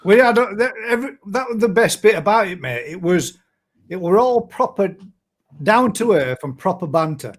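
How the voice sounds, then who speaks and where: A Northern English man with a fairly high voice hosts a relaxed live chat. He talks in broad dialect, tells stories with lots of restarts and laughs easily. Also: normal speed. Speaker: show host. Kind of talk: casual live-stream chat.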